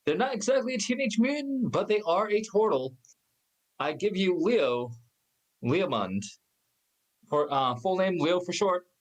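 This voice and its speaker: A man introducing his tabletop character on an online call, speaking in a measured, matter-of-fact way. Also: a little high, poor audio. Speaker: player. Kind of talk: casual chat.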